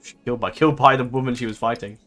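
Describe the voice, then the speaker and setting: A man's voice: mid-range voice, fairly even intonation, very fast, fairly bright tone, faint music behind. A man giving casual let's-play commentary, thinking aloud in a rambling way, swearing and laughing easily. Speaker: gaming commentator.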